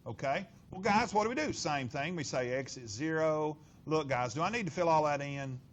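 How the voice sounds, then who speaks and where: A middle-aged man teaching physics in a classroom, working problems aloud with lively inflection and constant questions to the class. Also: on the high side, normal speed, a little hiss or hum. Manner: animated, lots of rhetorical questions and inflection.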